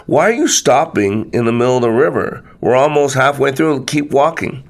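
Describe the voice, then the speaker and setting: A man doing a sly, smooth-talking coyote. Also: medium pitch, lively intonation, normal speed, lightly acted. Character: sly selfish male coyote trickster.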